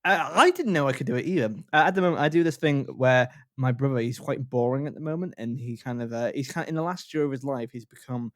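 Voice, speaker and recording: A man's voice: mid-range voice, fast, few pauses, fairly bright tone, no room sound, studio quality. A man co-hosting a comedy podcast, chatting playfully with rambling jokes. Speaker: podcast co-host. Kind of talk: comedic casual chat.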